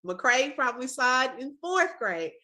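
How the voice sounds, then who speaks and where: Bright-voiced woman hosting a video call. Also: high voice, very animated, measured pace. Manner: emotional, warm praise, repeats "when I tell you". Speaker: host, former teacher. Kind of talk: casual video-call chat.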